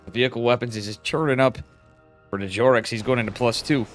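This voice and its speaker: Tired male solo caster, loose and chatty, gets loud when fights start; music running underneath. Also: mid-range voice, fast. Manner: casual and chatty, rising sharply when a fight breaks out. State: tired, yawning. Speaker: esports commentator. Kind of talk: solo live game commentary.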